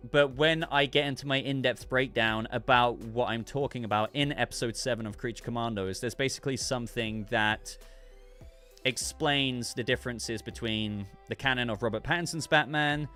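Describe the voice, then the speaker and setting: A man hosts a casual livestream in a mid-range voice with a fairly bright, clear, resonant tone. He sounds congested and coughs, rambling and interrupting himself as he chats and reads viewer messages.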